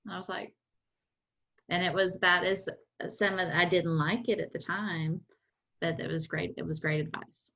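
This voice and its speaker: Co-hosting a podcast, a middle-aged woman chats casually and tells meandering stories with lots of asides. She speaks at a moderate pace in a fairly low, somewhat bright voice with fairly even intonation, and the sound is dull and slightly muffled.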